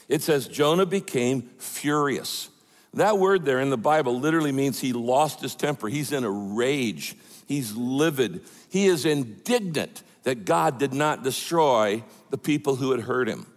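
A male pastor preaching a sermon with lively, emphatic delivery and quoted asides. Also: mid-range voice, unhurried, big-room sound.

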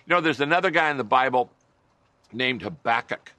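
A man's voice: medium pitch, expressive, fairly quick, sharp tone, no echo. A middle-aged man preaching a sermon as a pastor, earnest and conversational, with wry asides to his listeners.

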